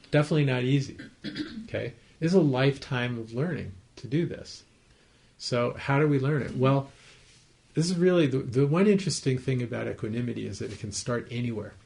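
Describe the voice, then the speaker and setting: Meditation teacher, male, mid-pitched with a gravelly edge, explains patiently and checks in with the room. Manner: conversational, gently explaining, asks the listeners to confirm they follow. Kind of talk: dharma talk to a group. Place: his home, small group room.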